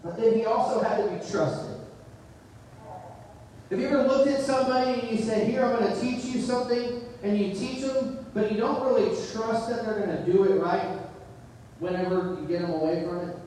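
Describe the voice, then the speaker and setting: A man's voice: sits high, normal speed, warm tone, slight background noise. A middle-aged man preaching a sermon, telling a personal story in a conversational way and pressing his main points harder as he goes. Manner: conversational storytelling, rising emphasis on key points. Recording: echoey hall, distant mic.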